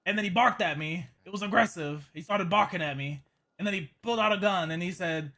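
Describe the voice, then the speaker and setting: High, bright-voiced man rambling a story. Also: fast. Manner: rambling, repeats words, stammers. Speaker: roleplay character giving a statement. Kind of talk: in-character roleplay storytelling. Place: game voice chat.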